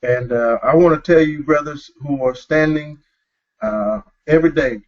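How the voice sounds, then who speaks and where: A man's voice: fairly high pitch, normal speed, lo-fi sound. A man hosting a talk show, speaking earnestly and emphatically, often calling listeners brother. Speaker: host.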